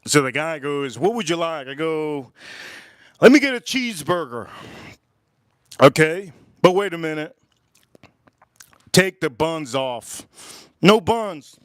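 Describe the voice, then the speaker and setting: Rambling, laughing man with a smooth voice. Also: a little high, unhurried, pauses often, dry recording, clean studio sound. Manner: rambling, repeats himself, swears casually; animated, laughing while telling a story. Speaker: livestream host. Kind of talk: casual storytelling on a cooking livestream.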